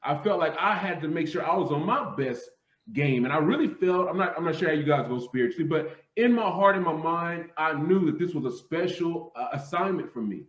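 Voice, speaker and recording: A fairly high-voiced man from Dallas speaks earnestly as a podcast guest, laughing easily and often restarting his sentences. The clip sounds roomy and muffled, like playback of an earlier recording. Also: expressive, fairly quick. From Dallas, Texas. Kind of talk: casual interview talk. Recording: echoey, dull played-back clip.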